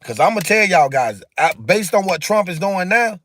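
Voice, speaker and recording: A man's voice: sits high, very animated, normal speed, fairly bright tone. Emphatic preachy man on a livestream. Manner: reads and answers viewer comments. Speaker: livestream host. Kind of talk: casual livestream monologue.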